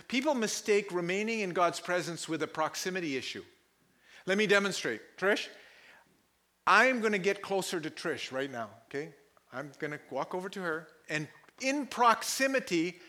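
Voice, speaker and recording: A man's voice: sits high, sharp tone. A man preaching a sermon to a live congregation, telling personal stories, laughing often and mimicking voices. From Pakistan. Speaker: pastor.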